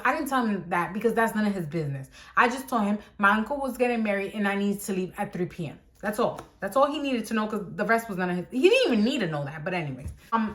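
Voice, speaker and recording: A young woman telling a casual story-time vlog at an everyday, middling pitch. She talks in a chatty, exasperated way, fills her speech with "like," and acts out the back-and-forth dialogue as she retells it. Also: expressive, fairly quick, a bit bright. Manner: exasperated, with frequent "like" fillers. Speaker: vlogger.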